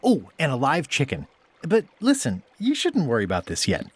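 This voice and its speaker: An actor playing an easygoing pirate hero who tells a rambling, playful story in a video game. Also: male voice, on the high side, wildly swooping pitch, normal speed, husky, no echo, exaggerated voice.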